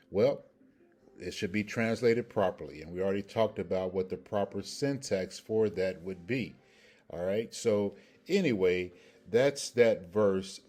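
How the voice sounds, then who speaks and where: Deep, mellow man teaching slowly. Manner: deliberate, explanatory, checks in with "okay?" and "all right?". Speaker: Hebrew grammar teacher. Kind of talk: scripture language lesson.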